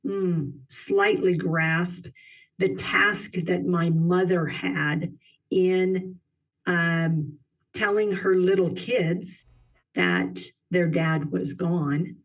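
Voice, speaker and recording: A middle-aged woman telling a personal story as a podcast guest, halting, with many pauses and restarts. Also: on the low side, distant mic, poor audio.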